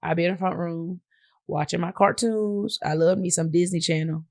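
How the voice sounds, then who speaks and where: A woman's voice: lowish voice, steady tone, normal speed, a little mellow, no echo, studio quality. A woman with a Southern US accent hosting a podcast, talking casually and straight to her listeners as "y'all". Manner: conversational, addresses listeners as y'all. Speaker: podcast host. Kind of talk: casual monologue.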